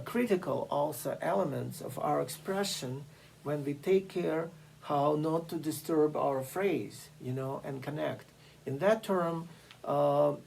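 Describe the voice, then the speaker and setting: A piano teacher giving a masterclass lecture, explaining slowly and deliberately with frequent fillers and pauses. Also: mid-range voice, vocal fry, darkish tone, a little hiss or hum, poor audio. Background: occasional piano playing.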